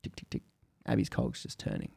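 A man's voice: fairly quick, warm tone. A man casually retelling a story to a co-host, chatty and full of fillers.

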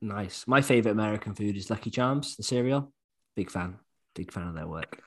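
Man, 30s, podcast host, jokey rambling chat, lowish voice. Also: animated, a little fast, a bit bright, husky. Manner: chatty and jokey, many fillers and restarts. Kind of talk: casual chat.

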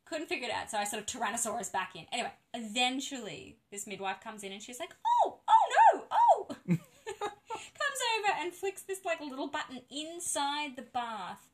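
A woman casually telling a birth story on a podcast, animated and laughing often. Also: fairly high pitch, a little fast, hardly any pauses.

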